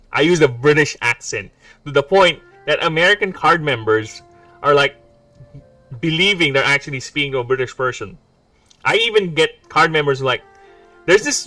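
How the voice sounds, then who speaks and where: A man's voice: mid-range voice, pushed and bright. A man in his forties from the Philippines, an indie game developer chatting casually on a livestream, reading lore aloud with rambling, self-mocking jokes. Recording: distant mic with background music.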